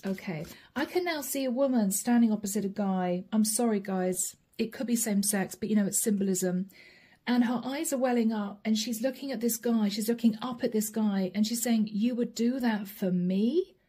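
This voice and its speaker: Soft-voiced woman giving an emotional tarot reading. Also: a little high, moderate pace, slightly rough. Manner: emotional, intimate, storytelling with soft asides. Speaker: tarot reader. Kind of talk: casual spoken tarot reading.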